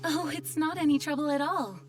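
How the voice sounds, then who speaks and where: A woman voicing a gentle, caring anime mother of two with a soft, soothing way of talking. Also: sits high, a little fast, recorded from a distance, soft background music, natural voice. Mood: tender.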